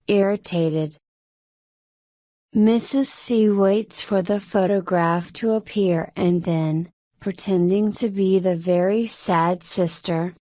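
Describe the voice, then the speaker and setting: A woman reading a mystery story aloud in a measured way, voicing both narration and dialogue. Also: fairly low pitch, warm tone, no room sound, clean studio sound. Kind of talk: scripted story reading for English learners.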